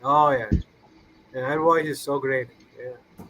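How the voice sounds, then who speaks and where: A man whose first language is not English, chatting casually and pausing to search for words. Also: medium pitch, fairly even intonation, pushed and bright, slight background noise, poor audio. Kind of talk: casual chat.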